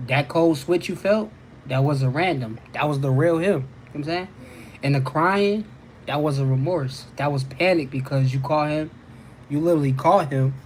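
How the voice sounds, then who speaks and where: A man's voice: a little high, a little mellow, a little hiss or hum, poor audio. A man hosting a live call-in advice show, direct and emphatic, often checking "you know what I'm saying". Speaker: host.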